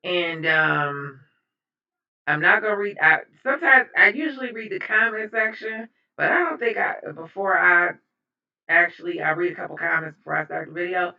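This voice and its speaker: A woman's voice: on the low side, sing-song, moderate pace, vocal fry. Chatty woman host in a roomy space. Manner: chatty, drawling, repeats herself. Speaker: reaction channel host. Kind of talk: casual reaction video intro. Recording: roomy, distant, dull sound.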